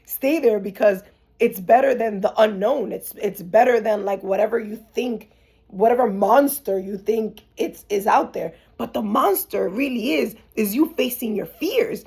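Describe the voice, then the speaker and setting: A woman's voice: a little high, normal speed, creaky, darkish tone, breathy edge. A woman hosting a podcast, telling her own story candidly in a chatty way, full of "like" fillers and restarts. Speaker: podcast host.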